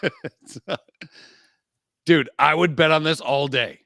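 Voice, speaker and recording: Gravelly and a little high, with a sharp tone, this man's voice carries provocative, profane jokes as he co-hosts a podcast in crude casual banter with fast-shifting emphasis. The sound is clean studio audio with no room sound.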